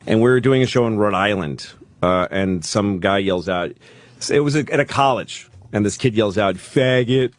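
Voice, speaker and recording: A man's voice: on the low side, moderate pace. Guy in his late 40s, comic telling crude stories on a podcast, swears a lot. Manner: profane, self-mocking, animated storyteller. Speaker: comedian guest. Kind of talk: casual podcast chat, storytelling.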